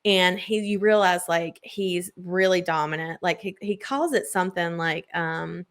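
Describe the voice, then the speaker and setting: A woman's voice: on the low side, unhurried, a bit bright. A woman in casual chat, gushing as she retells a book's plot with lots of filler words. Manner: gushing book recap full of "like" fillers.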